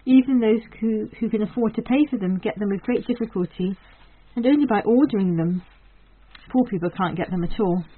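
A woman's voice: medium pitch, brisk, husky, natural voice. Field: woman reading as kind farmer's wife. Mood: cheery. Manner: warm chatty neighbourly tone. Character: kind motherly farmer's wife, cheerful, talkative. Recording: thin phone-like sound.

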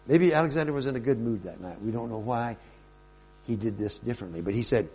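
A man preaching a sermon and telling stories in a lively, emphatic way. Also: medium pitch, fast, husky, muffled recording.

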